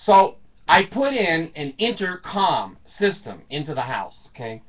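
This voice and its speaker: A man's voice: fairly high pitch, very animated, unhurried. A man in his seventies telling rambling comic stories, chuckling often and swearing casually. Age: 70s. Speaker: storyteller. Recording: dull lo-fi sound, distant from the mic.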